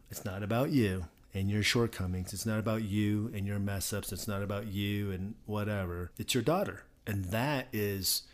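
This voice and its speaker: A man co-hosting a podcast, speaking emphatically and pastorally, repeating key points for emphasis. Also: lowish voice. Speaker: podcast co-host, company founder. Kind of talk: casual podcast conversation.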